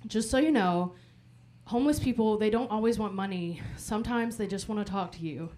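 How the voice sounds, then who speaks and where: A woman's voice: medium pitch, brisk, warm tone, natural voice. A woman voicing her worried mother, who gives earnest warnings, in a noisy live comedy club. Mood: cautioning. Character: worried middle-aged mother giving advice. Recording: live club with crowd and noise.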